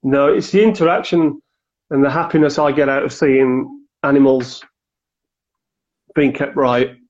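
A man, chatting casually on a podcast about keeping and breeding reptiles, animated and quick to act out little exchanges. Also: medium pitch. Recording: dull lo-fi sound.

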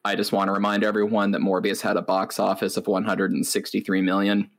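A man's voice: on the low side, completely flat delivery, fast talker. A man co-hosting a podcast, telling stories in a wry, rambling way with lots of filler words. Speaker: podcast co-host. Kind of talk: casual chat.

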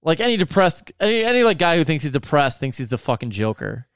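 Man, casual chat, profane sarcastic rant, smooth resonant voice, dry close sound. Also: a little high, sing-song, quick pace, fairly bright tone, dry recording. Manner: profane, ranting, sarcastic storytelling.

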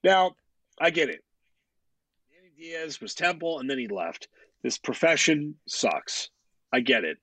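Guy cohosting a sports podcast, kinda high voice that jumps around a lot, swears a bunch, dry close sound. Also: very animated, unhurried, long pauses, a bit bright, slightly rough, dry recording. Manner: blunt, swears freely, opinionated. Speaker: podcast co-host. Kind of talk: casual sports chat.

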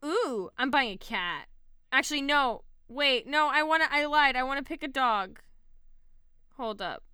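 Bright, lively young woman podcaster. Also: high voice, a little slow, no echo, studio quality. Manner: playful, giggly, repeats words. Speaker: podcast co-host. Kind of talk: casual chat.

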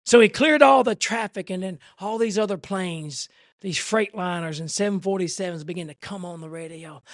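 A man preaching a sermon in an impassioned, repetitive way that swells toward near shouting. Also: high voice, normal speed, no echo, clean studio sound.

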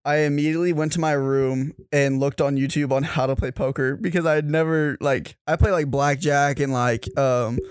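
A man's voice: a little high, steady tone, moderate pace, hardly any pauses, clean tone, no echo, studio quality. A young man hosting a podcast, telling a story in loose casual chat, swearing often and laughing between thoughts. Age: young adult. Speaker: podcast host.

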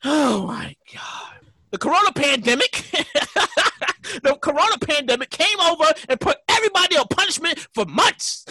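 A high, lively male voice, the host of a casual podcast chat, swearing freely and acting out scenes in loud bursts. The sound is bright and very dry, close to the mic with no room around it. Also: no echo. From New York. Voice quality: animated, profane, laughing often. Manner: storytelling with loud mock reenactments.

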